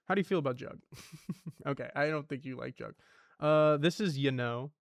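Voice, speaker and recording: A man's voice: medium pitch, normal speed, creaky, smooth, no room sound. A young man streaming himself solving word puzzles, thinking aloud, swearing and muttering clues to himself.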